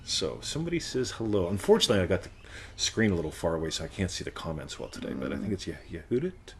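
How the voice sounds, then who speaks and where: A man's voice: low-pitched, big pitch swings, fast, slight background noise. A man hosting a live question-and-answer show, chatting playfully, laughing often and tagging his points with "right?". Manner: slips into silly character voices. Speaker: host of live Q&A. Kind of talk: casual coaching talk.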